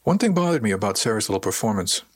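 A man calmly narrating a first-person novel as an audiobook reader, with a husky voice. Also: on the low side, no echo. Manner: calm, measured storytelling.

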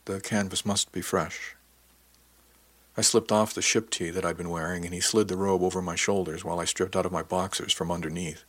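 Deep, husky male narrator. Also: level tone, fast talker, few pauses, dry recording. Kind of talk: audiobook narration.

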